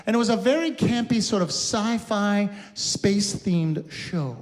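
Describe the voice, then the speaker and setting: A man's voice: high voice, measured pace. A man hosting a live cabaret show, telling chatty, campy stories between songs with frequent laughs, in a recording studio. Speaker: cabaret singer and host. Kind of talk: live cabaret stage patter.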